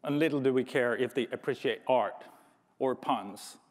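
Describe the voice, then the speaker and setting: A man's voice: medium pitch, moderate pace. A man giving a conference talk, thoughtful with light humor, often restarting his sentences. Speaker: conference speaker. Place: large conference hall. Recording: reverberant conference hall.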